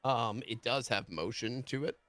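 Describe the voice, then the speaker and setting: A man narrating as game master of a tabletop role-play game, relaxed and unhurried. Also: mid-range voice, no room sound.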